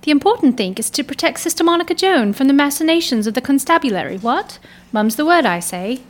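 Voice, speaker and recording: A woman voicing a brisk, reserved upper-class English lady, with a put-on posh accent and clipped, jolly exclamations. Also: high voice, animated, pitched above the performer's own voice.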